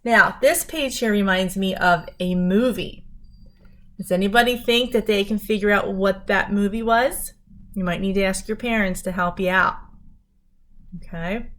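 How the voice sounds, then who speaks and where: A woman reads a children's picture book aloud at a medium pitch, with a gentle storytime manner. She stops now and then to address young listeners directly about the pictures. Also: normal speed. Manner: gentle, talks to young listeners while showing pages.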